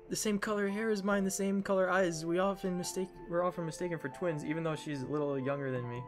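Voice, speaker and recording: A man's voice: high voice, steady tone, quick pace, few pauses, soft background music. A man reading a visual novel aloud in a dramatic way, slipping in joking asides. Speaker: game narrator.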